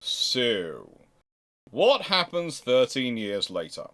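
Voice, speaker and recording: Wry, lively man chatting history. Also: medium pitch, slow pace. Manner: chatty, wry asides, reads chat aloud. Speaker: history livestream host. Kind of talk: casual livestream history talk.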